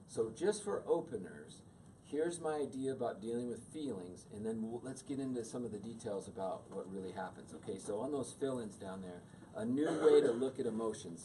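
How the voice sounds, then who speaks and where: Animated middle-aged man teaching a class. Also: mid-range voice. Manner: animated, acts out quoted voices. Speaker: teacher leading a class on emotions. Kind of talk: classroom teaching with questions to the audience. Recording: distant mic with faint room noise.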